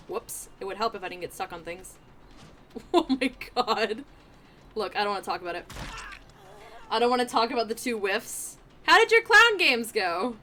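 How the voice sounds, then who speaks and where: A woman streamer commenting live on her gameplay in an excitable, playful way, laughing often and trash-talking the other players. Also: a little high, normal speed.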